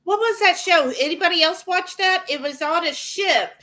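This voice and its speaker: A woman's voice: extremely high pitch, normal speed, a crowd in the background. A woman co-hosting a live cooking stream, chatting and reading viewer comments aloud. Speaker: cooking show co-host.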